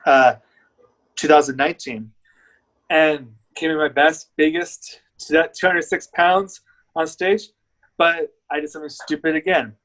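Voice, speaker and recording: A man's voice: on the high side, fairly even intonation, a little slow, a bit bright, low-quality recording. A man guest, a bodybuilder, telling his story in candid, rambling casual chat.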